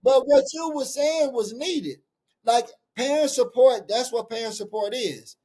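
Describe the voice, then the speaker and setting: A man's voice: very high-pitched, a little slow, dark tone. A man co-hosting a podcast, arguing his point in casual, profane, insistent chat and talking over his partner. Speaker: podcast co-host.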